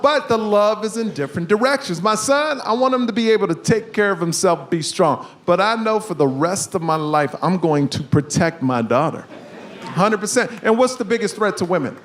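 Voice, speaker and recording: A man performing a stand-up comedy set on stage, telling stories with sudden shouted punchlines. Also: high-pitched, expressive, moderate pace. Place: comedy stage before a live audience.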